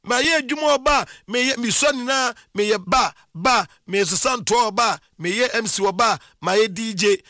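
High-voiced, bright middle-aged man. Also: unhurried, hardly any pauses, no echo, clean studio sound. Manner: animated, exclaiming, laughs often. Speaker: storyteller. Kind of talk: casual personal monologue.

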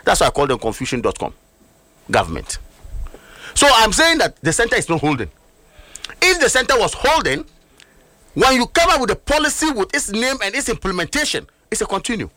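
Animated Ghanaian man, bright and emphatic. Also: high voice, a little fast, pauses often, no room sound. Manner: emphatic, rhetorical, switches between languages. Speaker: political commentator. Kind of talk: heated political commentary.

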